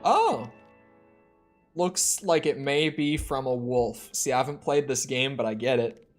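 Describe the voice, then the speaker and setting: A man's voice: medium pitch, lively intonation, measured pace, faint music behind. A man streaming a video game, chatting casually, swearing and breaking into indignant exclamations. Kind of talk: casual live-stream chat while gaming.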